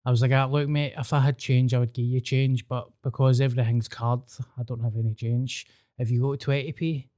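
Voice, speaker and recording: A man's voice: medium pitch, level tone, fairly quick, dark tone. A Scottish man hosting a podcast, chatting casually and telling sweary stories. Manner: sweary, storytelling. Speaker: podcast host. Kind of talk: casual chat.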